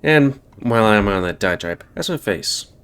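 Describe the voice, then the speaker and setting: A man's voice: on the low side, animated, normal speed, fairly bright tone, clean tone. A man hosting a let's-play, reading a visual novel aloud with wry, offhand asides. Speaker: gaming channel host. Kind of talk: let's-play narration and commentary.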